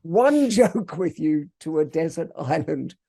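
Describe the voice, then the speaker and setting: A man hosting a podcast interview who laughs easily and asks quick, light questions. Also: fairly high pitch, lively intonation, creaky, dark tone. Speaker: podcast host. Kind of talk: casual interview chat.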